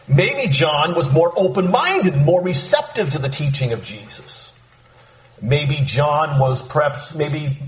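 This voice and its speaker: Animated preacher man in an echoey room. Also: a little high. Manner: animated, acts out voices of disciples. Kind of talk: sermon.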